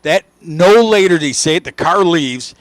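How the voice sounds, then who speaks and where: A man in his sixties commentating live drag racing, telling folksy stories and shouting when the cars run. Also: on the high side, normal speed. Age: 60s. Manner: folksy storytelling, shouts with excitement at the action. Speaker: race commentator.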